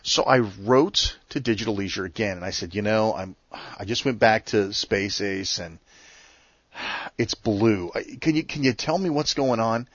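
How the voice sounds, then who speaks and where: A middle-aged man hosting a show, telling a story in a casual, animated, ranting way. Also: on the low side, moderate pace, no room sound. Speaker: podcast host. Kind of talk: casual monologue. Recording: dull lo-fi sound.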